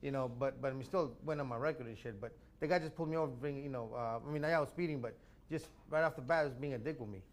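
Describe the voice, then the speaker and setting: A man in casual chat, telling a story fast with stammering repeats. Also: mid-range voice.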